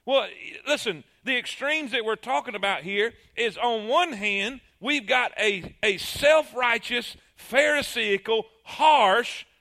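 A man preaching in a church with a drawl. His voice sits very high and sounds bright and forceful. He talks in an animated way, repeating phrases and stumbling over restarts as he builds his points. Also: slow pace, few pauses. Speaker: pastor. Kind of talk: sermon. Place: church sanctuary.

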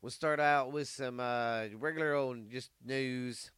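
Bright, profane sports-talk man. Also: mid-range voice, steady tone, unhurried, clean tone, no room sound, studio quality. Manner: rambling, profane. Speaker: podcast host. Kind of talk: casual sports chat.

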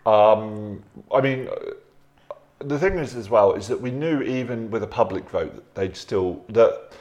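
A man's voice: on the low side, unhurried, darkish tone. A man co-hosting a podcast who talks in an opinionated way and keeps ending points with rhetorical tags. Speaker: podcast co-host. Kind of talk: casual chat.

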